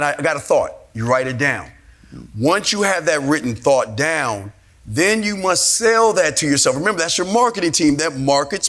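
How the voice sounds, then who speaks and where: A man's voice: on the high side, a bit bright. A man giving a blunt, profane motivational talk to a room of men and answering their questions. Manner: blunt, profane, emphatic and repetitive. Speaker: speaker at a men's seminar.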